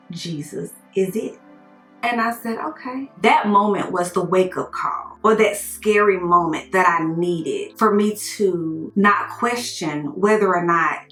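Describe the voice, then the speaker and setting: A woman recounts a personal story straight to camera in a bright, forceful voice that sits a little low. She speaks earnestly and with animation, acting out what people said. The sound is echoey, with faint music behind her. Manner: earnest, animated retelling with quoted dialogue. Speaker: vlogger telling a personal story. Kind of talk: casual storytime monologue.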